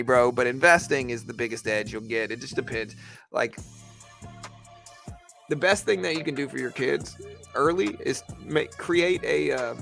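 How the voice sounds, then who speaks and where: A man with a gravelly, fry-edged voice chats loosely to his live-stream audience from home. He rambles, circles back and drops easygoing fillers as he goes. Faint music plays underneath. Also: mid-range voice, pushed and bright. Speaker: trading live-stream host. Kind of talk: casual live-stream chat.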